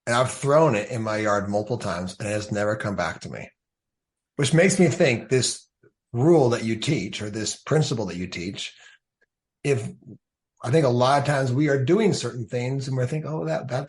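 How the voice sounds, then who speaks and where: Brief: male co-host, mid-pitched voice, reflective and playful, thinks out loud. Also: expressive, moderate pace. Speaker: podcast co-host. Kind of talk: casual interview conversation.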